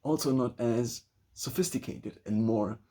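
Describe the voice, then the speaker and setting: Speaking in an unhurried, dark, mid-range voice, this young man, a vlogger with a German accent, talks through his thoughts in a loose spoken essay and keeps restarting phrases along the way.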